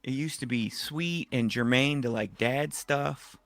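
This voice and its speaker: Man, podcast co-host, gravelly, deadpan teasing, dry close sound. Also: medium pitch, unhurried, no room sound. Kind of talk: casual chat.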